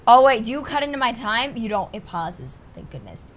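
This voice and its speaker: A woman's voice: on the high side, big pitch swings, fairly quick. A young woman hosting a gaming video, reading the game's lines aloud and joking and swearing casually between them. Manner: reads game dialogue aloud, jokey asides, swears casually. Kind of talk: let's play commentary.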